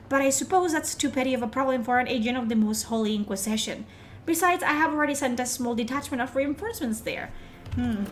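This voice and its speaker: A woman reading the lines of a stern, proud male planetary governor in measured, formal speech. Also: a little high, a little hiss or hum, natural voice.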